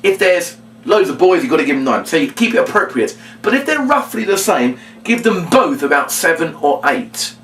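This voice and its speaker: Lively man explaining a kids' magic trick. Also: normal speed. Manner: animated, jumps into a high shouty kids'-show voice for demo lines. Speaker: children's entertainer teaching a magic routine. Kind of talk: instructional talk with acted-out patter. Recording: echoey room, mic at a distance.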